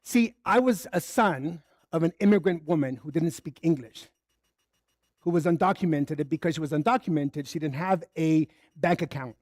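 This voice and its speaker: A man whose voice sits on the high side but has a darkish tone delivers a sermon at normal speed during a spiritual center service. Candid and conversational, he draws on personal stories and acts out the dialogue. The recording is dry and studio quality.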